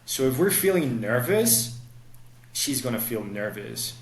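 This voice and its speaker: A man's voice: medium pitch, big pitch swings, measured pace. Man coaching in an echoey room. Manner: explanatory, coaching tone. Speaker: dating coach guest. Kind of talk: podcast conversation.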